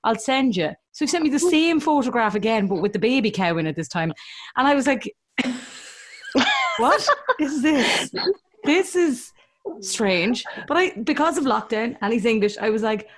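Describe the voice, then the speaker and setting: A woman's voice: fairly high pitch, expressive, quick pace. A young Irish woman chatting casually on a podcast, telling stories animatedly and laughing often. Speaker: podcast co-host. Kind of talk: casual chat.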